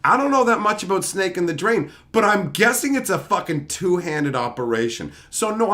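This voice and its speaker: Tired, profane man telling a story. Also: fairly high pitch. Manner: animated, profane, laughing asides. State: tired from lack of sleep. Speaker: channel host. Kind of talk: casual storytelling rant.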